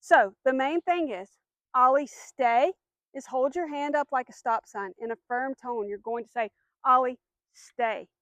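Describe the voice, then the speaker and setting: Woman dog trainer, high voice, patient explaining, firm commands, dry sound. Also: normal speed, few pauses, no echo. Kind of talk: instructional demonstration.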